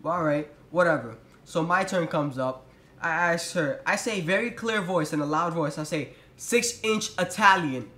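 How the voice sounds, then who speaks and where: A young vlogger with a fairly high, sharp-toned voice tells a story to his camera at normal speed in an echoey room. It's a storytime rant, exasperated and profane.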